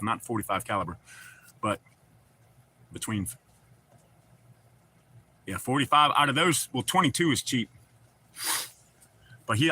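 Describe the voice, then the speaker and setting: A man's voice: medium pitch, pushed and bright, husky. A middle-aged man with a Southern accent chats loosely on a livestream, rambling and reading out viewer comments with casual swearing. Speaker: livestream host.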